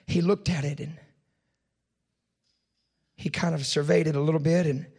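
A preacher telling a parable-like story in a sermon, with repetition and dramatic swings in loudness. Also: male voice, fairly high pitch, little pitch movement, moderate pace, husky.

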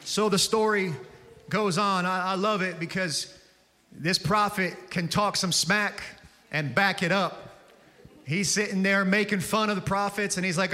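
A man preaching with a high, ringing voice that is bright and forceful. He tells the story casually, then climbs into loud, shouted exhortations. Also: fairly even intonation, normal speed. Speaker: pastor. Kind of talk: sermon.

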